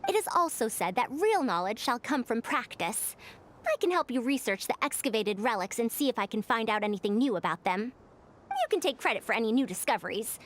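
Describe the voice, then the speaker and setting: An actress playing a proud, sharp-minded female scholar of old machines in a video game, measured, confident and a bit formal. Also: on the high side, very animated. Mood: curious.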